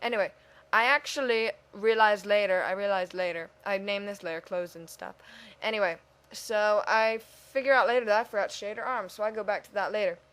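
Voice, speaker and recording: A woman's voice: mid-range voice, a little fast, a bit bright. Chatty woman narrating her speed drawing. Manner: rambling and self-mocking; chatty, talks to herself. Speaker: video creator. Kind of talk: casual voice-over over a speed drawing.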